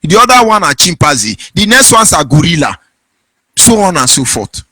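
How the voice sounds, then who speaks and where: A man's voice: fairly high pitch, big pitch swings, normal speed, bright, forceful tone, husky, no echo. A man from southeastern Nigeria with a Nigerian accent, giving a fervent political monologue as host in a sing-song preaching cadence. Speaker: online broadcast host.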